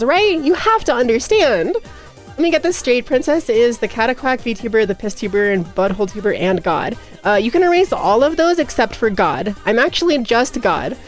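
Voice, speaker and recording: Giggly streamer lady, highish voice that jumps all over, soft music under it. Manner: giggly, playful and animated. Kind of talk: casual livestream chat.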